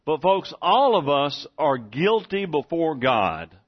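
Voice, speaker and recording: Man, preacher, sermon, fairly high voice, earnest, repeats himself, dull lo-fi recording. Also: very animated, slow. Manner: earnest, repetitive preaching with frequent restarts. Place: church room with congregation.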